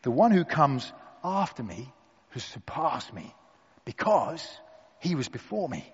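A man preaching a sermon to a gathered room, deliberate and emphatic with dramatic pauses. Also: fairly high pitch, sing-song, slightly rough, big-room sound, lo-fi sound. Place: church hall with an audience.

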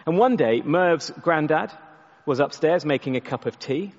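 A man's voice: a little high, expressive, normal speed, dull audio. Man preaching in a reverberant hall. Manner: storytelling with repeated restarts, voice dropping soft for emphasis. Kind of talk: sermon. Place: church.

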